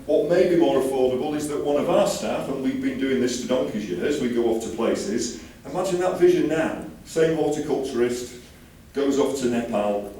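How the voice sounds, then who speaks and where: A man's voice: medium pitch, dark tone, slight background noise. A man giving a chatty, enthusiastic conference talk with jokey asides, from the UK. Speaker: conference speaker. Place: conference hall. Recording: roomy hall, distant mic, faint ambience.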